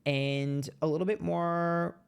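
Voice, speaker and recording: A man giving a casual monthly tarot reading, blunt and profane, chatty and playful with sudden jumps in pitch. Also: fairly even intonation, takes it slowly, gravelly, clear, resonant tone. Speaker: tarot reader.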